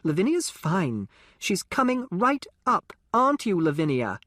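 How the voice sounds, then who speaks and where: A man's voice: high-pitched, huge pitch swings, unhurried, a bit bright, no room sound, clean studio sound, voice pushed up, heavily acted. A man voicing a prim, bossy young girl who speaks in a falsely soothing way.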